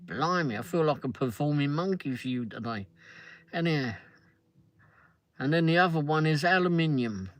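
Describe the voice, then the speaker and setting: A middle-aged Londoner with a London English accent speaks in a fairly high, bright, expressive voice at a measured pace, pausing often. As a livestream host he rambles and jokes casually, answering comments from chat.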